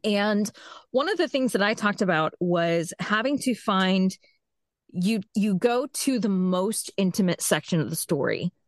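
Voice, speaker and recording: A woman from South Florida hosting an interview, talking in a measured, thoughtful way. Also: medium pitch, lively intonation, dry recording. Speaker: podcast host, interviewer. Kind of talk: casual interview chat.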